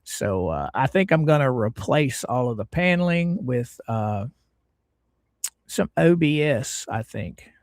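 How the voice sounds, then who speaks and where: A middle-aged man from Florida, hosting a casual livestream and greeting his viewers in a folksy, drawn-out way. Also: medium pitch, no room sound, studio quality. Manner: folksy, drawn-out greetings, lively ups and downs. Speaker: livestream host.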